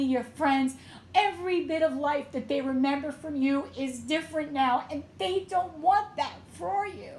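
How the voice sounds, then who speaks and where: A woman tarot reader and medium giving an emotional, tearful reading with a slow, pleading delivery. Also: high voice, reverberant, slight background noise.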